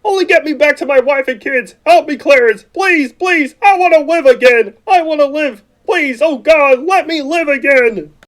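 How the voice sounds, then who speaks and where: A woman voicing a frantic, desperate male frog hero in a fan-made radio play, pleading and often shouting. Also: high voice, moderate pace, few pauses, natural voice.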